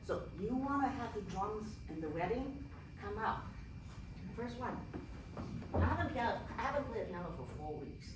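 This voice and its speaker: A woman's voice: fairly high pitch, animated, normal speed, heavy background noise. Woman coaching a piano student. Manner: direct, encouraging, sings out rhythms. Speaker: piano teacher leading a masterclass. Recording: echoey room from far off, piano playing.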